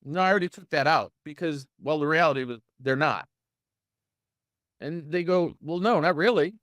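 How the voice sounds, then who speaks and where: Energetic man coaching with questions. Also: a little high, moderate pace, no room sound, clean studio sound. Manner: energetic, fires rhetorical questions at the audience. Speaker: real estate sales coach. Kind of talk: live online training session.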